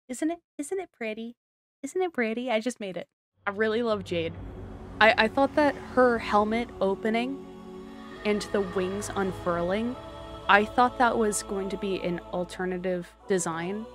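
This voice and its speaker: A woman giving casual commentary on a video game, excitable and rambling, with giggles and self-deprecating asides. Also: mid-range voice, moderate pace, faint music behind. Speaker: gaming streamer.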